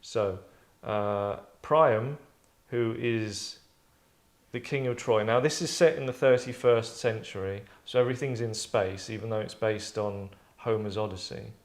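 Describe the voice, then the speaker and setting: A man's voice: on the low side, a little slow. A man hosting and directing a voice session, rambling and restarting as he gives notes. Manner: rambling, restarts, acts out lines. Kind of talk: casual chat, giving direction.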